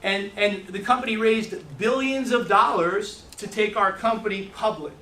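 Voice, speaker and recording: Running a sales training session, a middle-aged man delivers a motivational talk as fast storytelling, frequently restarting his sentences. His high voice comes across bright and forceful. The mic is some distance away in an echoey room, with slight background noise.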